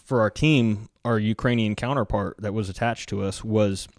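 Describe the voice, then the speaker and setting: A man's voice: on the low side, steady tone, moderate pace, no room sound, studio quality. An American man and military veteran, telling war stories in a casual, rambling way full of fillers. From United States. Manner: rambling, lots of fillers like "like", laughs through stories. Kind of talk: casual podcast storytelling.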